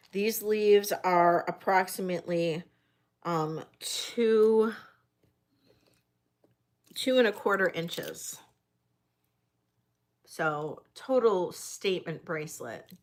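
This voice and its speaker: A woman hosting a live jewelry sale, describing pieces in detail and chatting effusively with viewers. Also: lowish voice. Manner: describes items slowly in detail. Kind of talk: livestream sales chat.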